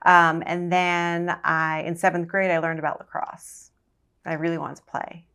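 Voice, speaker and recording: A woman from Long Island, a surgeon, telling her story in a casual interview with a brisk, confident manner. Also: fairly low pitch, level tone, a bit bright, clear, resonant tone. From Long Island, New York. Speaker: guest, surgeon.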